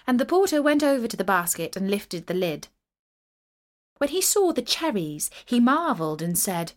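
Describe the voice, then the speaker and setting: A woman reading a medieval tale aloud in a steady, clear storytelling voice. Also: a little high, moderate pace.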